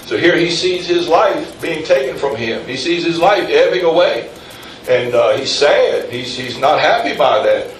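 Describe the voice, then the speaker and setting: A man's voice: on the high side, expressive, a little slow, slight background noise. A man preaching a sermon to his congregation, chatty one moment and emphatic the next, quizzing the listeners as he goes. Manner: conversational, rising to emphatic peaks, quizzing the congregation. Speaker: pastor. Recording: echoey room, from far off, faint ambience.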